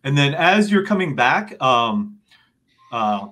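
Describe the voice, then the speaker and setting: A man narrating as game master of a tabletop game, loose and animated with many fillers. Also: medium pitch, slow.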